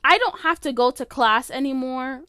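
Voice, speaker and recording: A teenage girl hosts her own podcast from her bedroom, her voice high, smooth and clear. She rambles with plenty of fillers and lets her feelings show. The sound is dry and close, with no room echo. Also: moderate pace, bright, forceful tone. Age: late teens. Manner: rambling, filler-heavy, emotional. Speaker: podcast host. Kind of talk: casual solo podcast chat.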